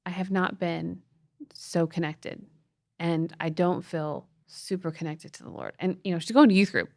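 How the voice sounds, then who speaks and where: A woman's voice: fairly low pitch, moderate pace, vocal fry, no room sound, studio quality. A middle-aged woman co-hosting a podcast, telling a family story in an earnest, emotional way, with frequent restarts. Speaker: podcast co-host, mother. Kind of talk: casual storytelling chat.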